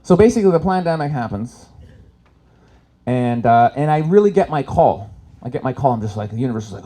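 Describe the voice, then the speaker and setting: A man's voice: mid-range voice, fast. A man from Canada doing a stand-up comedy set at a live event, telling stories and acting out the people in them. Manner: animated storytelling, acts out characters with voices. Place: expo stage in front of a live audience.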